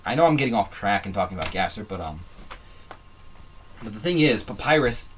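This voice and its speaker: A man's voice: on the low side, big pitch swings, fairly quick, a bit bright, slight background noise. A man hosting a casual fan commentary video, rambling and digressive, often trailing off and restarting his sentences. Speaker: video host.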